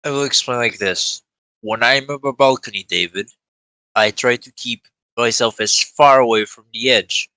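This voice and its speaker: A man with a very bright, sharp voice trades teasing jokes with his friends at the table. His voice sounds dry and close, with no room around it. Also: mid-range voice, normal speed, smooth, no echo, low-quality recording. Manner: teasing, joking banter. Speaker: player. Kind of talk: casual chat between game sessions.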